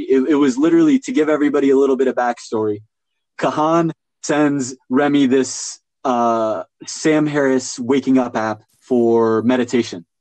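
A man's voice: mid-range voice, darkish tone, no room sound, poor audio. A man hosting a casual podcast conversation, talking with enthusiasm and thinking aloud. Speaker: podcast host.

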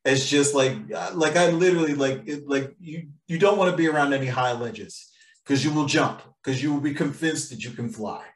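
A man's voice: fairly high pitch, normal speed, echoey room, distant mic, low-quality recording. A man co-hosting a casual chat about screenwriting, rambling with many fillers and restarts. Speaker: podcast co-host, screenwriter.

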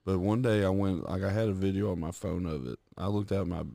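A man with a very deep, gravelly voice chats on a podcast. He keeps it laid-back, joking and swearing as he swaps stories. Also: fairly quick, warm tone, no echo. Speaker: podcast co-host. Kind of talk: casual chat.

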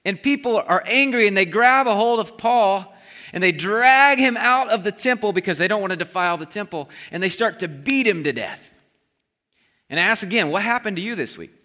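A man preaching a sermon, retelling a Bible story in a lively storytelling way and briefly acting out the voices of the crowd. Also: high-pitched, a little fast. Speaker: pastor. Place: church sanctuary. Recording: long hall reverb.

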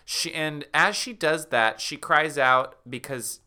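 A man co-hosting a podcast, retelling a spooky story in an animated way and putting on voices for its characters. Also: on the high side, takes it slowly, clear, resonant tone. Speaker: podcast co-host. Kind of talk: comedic storytelling recap.

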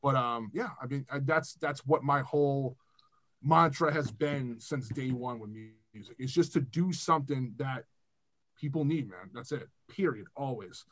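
With a medium-pitched voice and moderate pace, a young man from Massachusetts joins a podcast chat as a music producer guest. He's animated and rambling, and he curses casually throughout.

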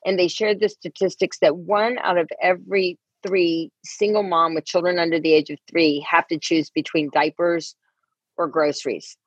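A middle-aged woman, a guest on a call interview, telling stories with animated quoted voices. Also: fairly low pitch, normal speed, breathy edge, no room sound. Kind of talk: casual interview storytelling. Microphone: earbud.

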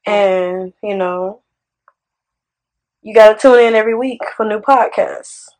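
A woman hosting a podcast, talking in a sassy, animated, conversational way. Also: mid-range voice, measured pace, poor audio. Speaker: podcast host. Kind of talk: casual podcast chat.

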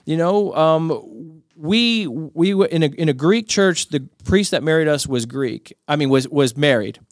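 A man hosting a podcast, telling stories in a lively, conversational way and acting out the people he quotes. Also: a little high, a little slow, no room sound, clean studio sound. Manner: animated storyteller acting out quoted voices. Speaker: podcast host. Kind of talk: casual storytelling conversation.

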